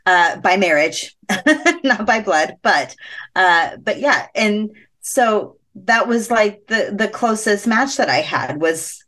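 A woman telling a personal story as a podcast guest, animated and chatty, laughing often and using many fillers. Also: mid-range voice, slow pace. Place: podcast interview.

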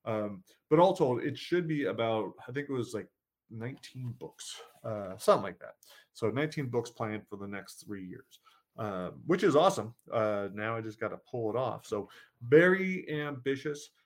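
Man, horror author, casual vlog chat, rambling, filler-heavy, mid pitch. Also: expressive, normal speed.

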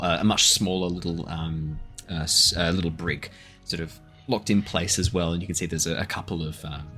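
Deep-voiced man narrating as dungeon master. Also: bright, forceful tone. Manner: loose, hesitant with fillers. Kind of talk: narrating a tabletop game.

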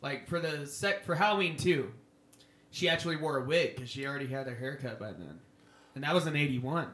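A man's voice: medium pitch, expressive, fairly quick, fairly bright tone, roomy sound. A man co-hosting a podcast, chatting casually and laughing often while commenting on a movie. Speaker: podcast co-host.

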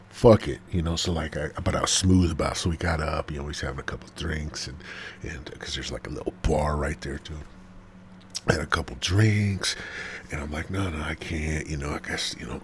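A man's voice: very deep voice, slight background noise. A man hosting a podcast, telling a rambling, profane story full of fillers and dropping into whispers. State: smoking while talking, coughing. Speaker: podcast host. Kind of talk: casual storytelling monologue.

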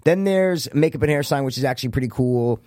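A man's voice: mid-range voice, fast talker, dark tone, no room sound, studio quality. A young man co-hosting a casual podcast, talking in a loose, rambling way and swearing often. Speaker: podcast co-host. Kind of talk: casual chat.

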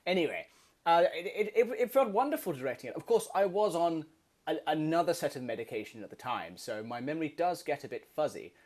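Stammering and restarting again and again, a man portrays a heavily medicated, rambling older film director for a comedy interview. Here his halting voice is on the high side, sing-song and a little mellow.

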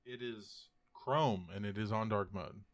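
Low-voiced man, animated casual chat. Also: a little slow. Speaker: podcast co-host.

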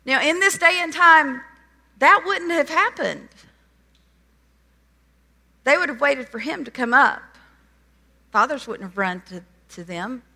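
A woman preaching a sermon, retelling a parable with animated storytelling and voiced quotes. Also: sits high, unhurried, vocal fry, long pauses. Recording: long hall reverb.

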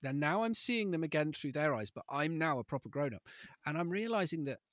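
A man in his thirties tells comic stories, slipping into little voices and quotes. His voice sits a touch high and swings widely in pitch, very animated. The sound is dry and close. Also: brisk, no room sound. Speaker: comedian. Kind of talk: comic storytelling.

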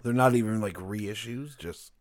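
A man's voice: on the low side, normal speed, dry recording. A man co-hosting a watch-along, chatting casually and telling stories in a profane, joking way. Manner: animated, profane storyteller. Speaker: co-host of a watch-along show. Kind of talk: casual chat.

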